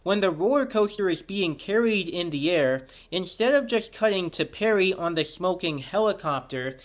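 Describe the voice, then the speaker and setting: A man's voice: high-pitched, expressive, normal speed. A man hosting a show, reading a scripted review steadily and detail by detail.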